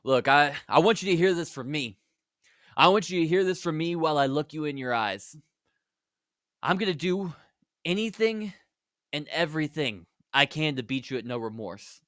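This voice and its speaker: A man's voice: a little high, lively intonation, moderate pace, fairly bright tone, no echo, clean studio sound. A man voicing an intense male wrestler with an earnest, menacing delivery.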